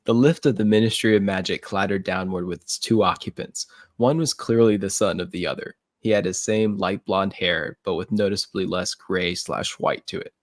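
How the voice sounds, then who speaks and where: Playful low-voiced man narrating. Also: moderate pace, hardly any pauses, dry recording, studio quality. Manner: playful, laughs often. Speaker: host and story writer. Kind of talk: reading narration and casual chat.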